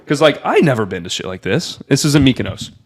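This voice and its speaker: On a podcast, a young Miami guest rambles excitedly through a story in relaxed, informal speech, leaning heavily on "like" whenever he pauses. His pitch is a typical mid-range for a man.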